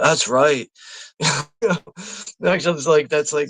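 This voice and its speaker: A man's voice: fairly high pitch, slow, pauses often, a bit bright, low-quality recording. A man hosting a live watch party stream, chatting casually and rambling, with lots of fillers, restarts and easy chuckles. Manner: easygoing, chuckles often.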